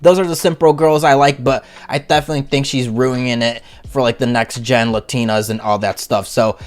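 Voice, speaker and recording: A man's voice: mid-range voice, fairly even intonation, a little fast. A man hosting a comedic review vlog, talking in a crude, profane, rambling rant. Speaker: channel host, reviewer.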